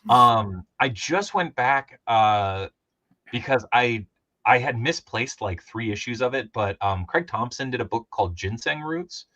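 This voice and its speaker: A man talking as a guest in a casual chat over a video call, rambling and animated. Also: medium pitch, measured pace, lo-fi sound. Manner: rambling, animated, puts on voices for stories.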